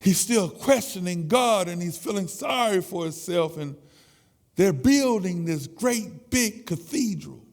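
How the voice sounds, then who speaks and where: A man in his sixties giving an emotional, halting sermon testimony in a church sanctuary. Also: high-pitched, lively intonation, darkish tone. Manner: emotional, halting with repeated words. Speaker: church speaker. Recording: echoey church hall.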